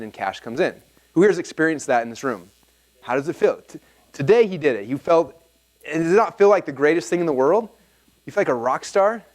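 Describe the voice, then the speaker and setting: A man speaks quickly to a live room, telling a story with animated energy. He slips into the voices of the people in his story, and his pitch sits in a middle range. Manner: animated, acts out quoted dialogue. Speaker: speaker at a seminar. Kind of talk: storytelling talk to a live audience.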